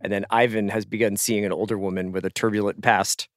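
A man's voice: on the low side, level tone, fast, no echo, clean studio sound. A middle-aged man hosting a podcast, chatting casually, teasing his co-host and laughing often. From Philadelphia. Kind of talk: casual chat.

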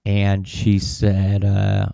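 A man's voice: fairly low pitch, monotone, extremely slow, creaky, dark tone, no room sound, highs cut off. A man talking casually in a personal vlog, rambling with lots of fillers and swearing. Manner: rambling, profane, with many fillers. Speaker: vlogger.

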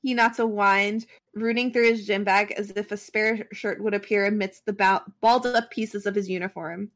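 A woman's voice: mid-range voice, steady tone, moderate pace, a bit bright. A woman reading a fan story aloud as a podcast co-host, stopping now and then for casual asides.

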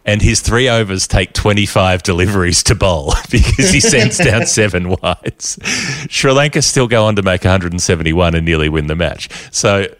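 Very deep-voiced man telling stories. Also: moderate pace, no echo, clean studio sound. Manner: animated, laughs through his stories. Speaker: podcast host. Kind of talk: casual storytelling chat.

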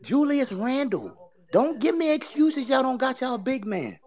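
A woman hosting a sports podcast, ranting in casual talk with profane, taunting trash talk that swings between loud jabs and low mutters. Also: sing-song, measured pace. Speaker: podcast host.

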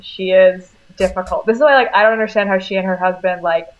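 A woman co-hosting a podcast, chatting casually about a film and quoting its characters in quick asides. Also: mid-range voice, steady tone, lo-fi sound. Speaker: podcast co-host.

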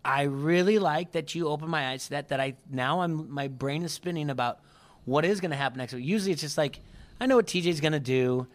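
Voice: mid-range voice, brisk. A podcast co-host in casual chat who rambles and restarts sentences often while recapping a show.

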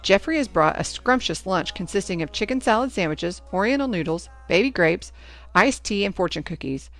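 A woman's voice: mid-range voice, expressive, normal speed, fairly bright tone, faint music behind. A woman voicing a stern, formal booster club president running a school auction, with a commanding announcer manner.

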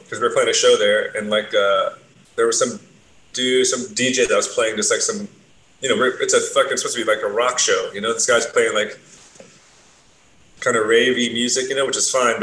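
Medium-pitched and a bit bright, the bassist's voice carries loose, profane, meandering tales from the road in relaxed conversation. Faint noise and a roomy echo color the recording.

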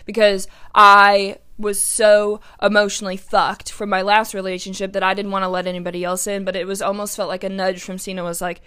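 A woman's voice: mid-range voice, flat delivery, a little fast, few pauses, pushed and bright, clean tone. A young woman, hosting a podcast and telling a personal story in a chatty way, full of fillers and casual swearing. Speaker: podcast host.

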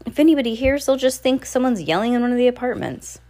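A woman's voice: on the high side, lively intonation, fast talker, dark tone, voice pushed up, natural voice. A woman voicing an anxious, bookish boy, the middle sibling, in a storybook reading. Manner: anxious, gloomy.

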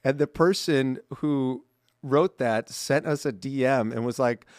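A man's voice: medium pitch, a little slow, no room sound. Chatty male podcast host, dry sound. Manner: chatty, animated storytelling with filler words. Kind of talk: casual chat.

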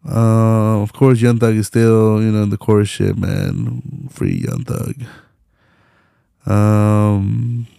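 A man's voice: on the low side, flat delivery, slow, vocal fry, hardly any pauses, mellow, smooth, no echo, studio quality. A young man hosting his own podcast, ranting casually with lots of slang, profanity and laughter. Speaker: podcast host. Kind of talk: casual solo podcast rant.

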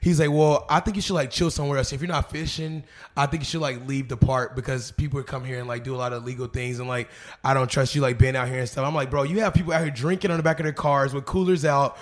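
A man's voice: mid-range voice, steady tone, fast. A young man from Arkansas telling stories in a loose, slang-heavy casual chat, full of fillers. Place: living room couch.

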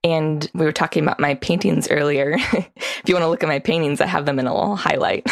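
An earnest woman guest speaks in an unhurried way on a podcast. Her voice is very low, and the recording is dry and close with no room sound. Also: creaky, no echo. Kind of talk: conversational interview.

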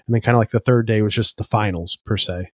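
A man's voice: fairly low pitch, fairly even intonation, fast talker, no room sound. A man co-hosting a podcast in a chatty way, full of fillers, asking follow-up questions. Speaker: podcast co-host. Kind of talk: casual podcast chat.

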